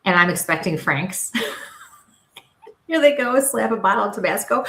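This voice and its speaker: A woman's voice: mid-range voice, expressive, unhurried, gravelly, fairly bright tone, echoey room, slight background noise. A woman with a Western New York accent, co-hosting a casual live stream with chatty, laughing storytelling. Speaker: co-host, psychic medium.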